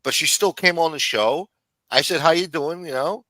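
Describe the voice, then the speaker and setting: A man's voice: fairly high pitch, moderate pace, pushed and bright, no room sound, poor audio. A man hosting a livestream show, chatting casually in a blunt, profane, exasperated way. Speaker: host.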